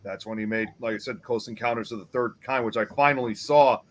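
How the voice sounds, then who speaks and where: A man's voice: mid-range voice, steady tone, brisk, poor audio. A man hosting a podcast, chatting casually about movies, often laughing as he talks. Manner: chatty, laughs while talking. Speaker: podcast host. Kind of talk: casual chat about a film.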